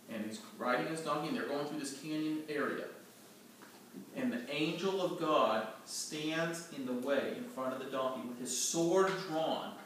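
A man's voice: mid-range voice, fairly bright tone. A man teaching a storytelling Bible lesson to a group, acting out scenes and quizzing his listeners. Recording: echoey room, distant mic, faint noise.

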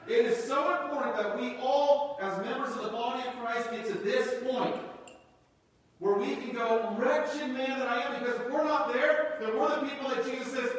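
A male pastor preaching a sermon, excitable, climbing into loud, stretched-out exclamations. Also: high-pitched, normal speed. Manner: excited, rising to shouts. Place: church sanctuary. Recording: echoey hall, from far off.

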